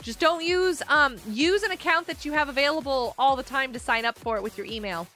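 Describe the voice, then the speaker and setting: A woman streaming a game live, chatting casually and reading messages from the chat aloud, with excitable outbursts. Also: high-pitched, brisk, hardly any pauses, faint music behind.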